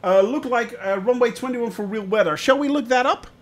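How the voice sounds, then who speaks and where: A man streaming a flight simulator, chatting to viewers in a relaxed way with many filler sounds. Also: very high voice, a little fast. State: watery eyes, about to sneeze. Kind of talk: live-stream commentary.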